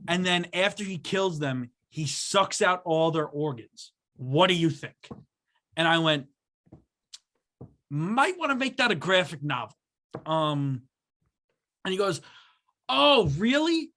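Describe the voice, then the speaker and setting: A young man tells a long story on a casual podcast and does the voices of everyone in it. His voice is bright and a touch high. He talks the way you would with friends. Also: unhurried, pauses often. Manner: animated storyteller acting out voices. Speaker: podcast co-host. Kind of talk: casual chat.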